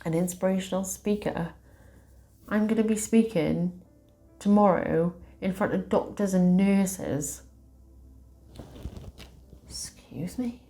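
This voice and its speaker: A tarot reader hosts her channel, sharing a personal story to the camera in a soft, slow, heartfelt manner. Her voice sits mid-range, with faint music in the background.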